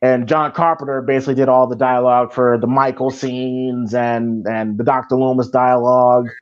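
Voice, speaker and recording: A man's voice: medium pitch, level tone, moderate pace, clear, resonant tone. Rambling man on a lo-fi mic. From Iowa, US. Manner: rambling with many restarts and fillers. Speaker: podcast co-host. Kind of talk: casual movie commentary. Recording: dull lo-fi sound.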